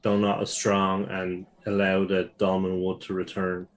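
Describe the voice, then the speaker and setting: A man's voice: deep voice, completely flat delivery, measured pace. A man, a player chatting casually in a tabletop game.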